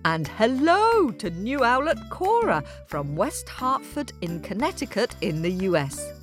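A woman hosting a children's story podcast, greeting young listeners in an expressive way. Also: fairly low pitch. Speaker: podcast host.

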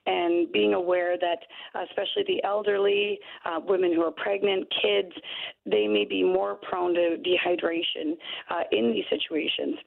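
A woman dietitian explains her tips in an upbeat, friendly way. Her voice has a gravelly edge, and it comes through a thin, tinny phone line. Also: mid-range voice. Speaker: dietitian guest. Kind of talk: radio interview.

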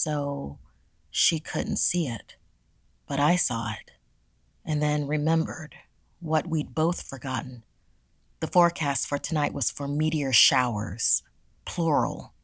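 A woman narrating a scripted horror story in a measured, dramatic way. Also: low voice, creaky, breathy edge, dry recording.

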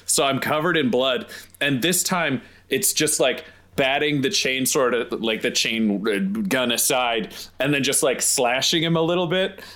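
Excitable man playing a tabletop game. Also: mid-range voice, a little slow. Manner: excitable, playful. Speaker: player. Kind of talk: tabletop role-play. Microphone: video call.

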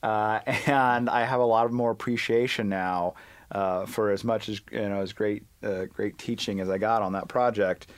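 Man, low voice, halting, lots of fillers, dry close sound. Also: fairly even intonation, no room sound. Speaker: reporter guest. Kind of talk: casual interview talk.

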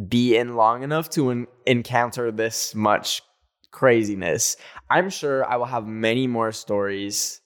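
A young man hosting a podcast, telling personal stories in a chatty, animated way, with lots of "like" and frequent laughs. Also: medium pitch, smooth. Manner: animated, heavy use of "like", laughs often. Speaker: podcast host. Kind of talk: casual storytelling monologue.

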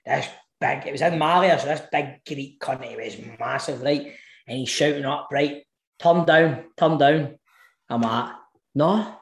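A man's voice: mid-range voice, moderate pace, gravelly, reverberant. A man with a Scottish accent, in his twenties, telling a rowdy story in casual podcast chat with plenty of swearing. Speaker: podcast co-host.

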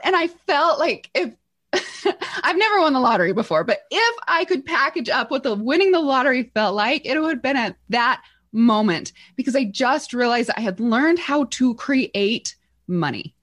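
Brief: middle-aged woman, fairly high voice, animated and earnest storyteller, podcast guest. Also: moderate pace. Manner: animated, earnest, acts out quotes. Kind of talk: personal storytelling.

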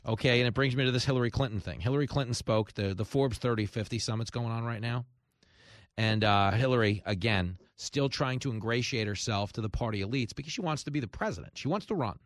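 A man's voice: medium pitch, fast, no room sound, clean studio sound. A man hosting a talk radio show, delivering a sarcastic, opinionated monologue full of asides. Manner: sarcastic, riffing with acted-out quotes. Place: radio studio.

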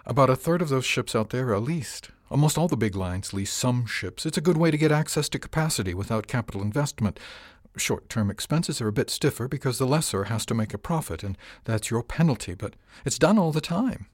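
A man voicing a shrewd, wry older male mentor with a raspy voice, in an audiobook. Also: mid-range voice, lively intonation, a little fast, dry recording, studio quality, voice pushed up, lightly acted.

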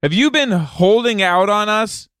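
Dry, teasing man, slightly higher voice. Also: expressive, a little slow, fairly bright tone, clean tone, dry recording. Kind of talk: teasing banter.

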